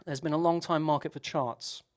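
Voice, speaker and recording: A man's voice: a little high, steady tone, moderate pace. Man giving a technical conference talk. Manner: explanatory, with frequent restarts and rhetorical questions. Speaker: conference speaker.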